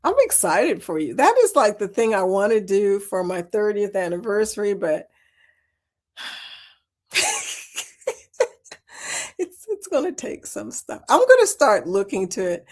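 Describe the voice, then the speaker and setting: A woman's voice: medium pitch, normal speed. A middle-aged woman hosting a casual livestream chat, reading viewer comments and telling stories with frequent laughter. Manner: chatty, laughs often, animated storytelling. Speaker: host of a cruise chat livestream.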